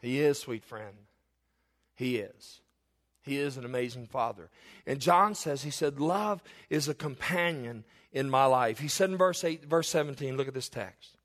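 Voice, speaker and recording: A pastor in his forties preaching a sermon, telling stories and building in volume and pitch on key points, often restarting phrases. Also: moderate pace. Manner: storytelling, swells louder and higher on key points.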